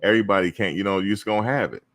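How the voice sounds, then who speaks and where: Male stream host with a deep voice, chatty and playful with his audience. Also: rapid-fire. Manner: animated, teasing, talks to viewers and chat. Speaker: show host. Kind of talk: casual live-stream chat.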